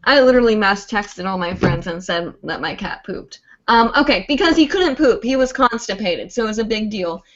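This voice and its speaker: A woman talking casually on a livestream, rambling and filling pauses with "like" and "um". Her voice sits at an ordinary middle pitch. The audio is dull and lo-fi. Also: expressive. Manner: chatty, rambling, full of "like" and "um". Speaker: host of a live hooping show.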